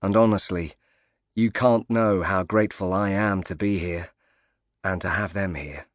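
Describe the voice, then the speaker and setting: A man voicing a grateful, quietly emotional widowed father who speaks softly and hesitantly in an audiobook reading. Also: deep voice, fairly even intonation, a little slow, no echo, studio quality. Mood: tender. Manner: soft-spoken, hesitant.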